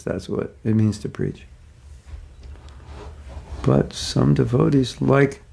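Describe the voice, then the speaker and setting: Older male teacher, raspy edge, anecdotal, mid-pitched and chuckling. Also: darkish tone. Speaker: spiritual teacher. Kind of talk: casual religious class.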